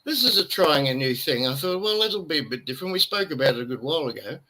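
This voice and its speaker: A man's voice: on the high side, animated, fast talker, noisy background. An Australian man rambling and joking as co-host of a casual live stream, tired after little sleep. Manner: rambling, jokey, chatty. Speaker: livestream co-host. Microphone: webcam.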